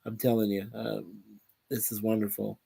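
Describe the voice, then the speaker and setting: A man hosting a casual live stream, reading viewer comments aloud in an unhurried way and chuckling often. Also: on the low side, little pitch movement, creaky, mellow, breathy edge. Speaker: livestream host reading chat.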